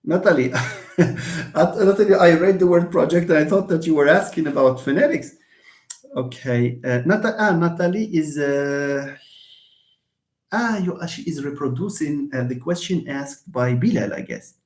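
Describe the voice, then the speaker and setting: Male English teacher, running a live lesson; slightly high voice, animated, with an echoey room sound. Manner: lively, switches between fast asides and slow syllable-by-syllable explanation. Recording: roomy echo.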